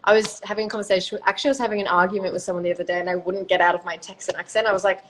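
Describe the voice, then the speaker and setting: A woman's voice: mid-range voice, flat delivery, very fast, fairly bright tone, poor audio. A young woman in casual chat on a phone livestream, chatty and swearing casually, often restarting her sentences. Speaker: actor in a live chat.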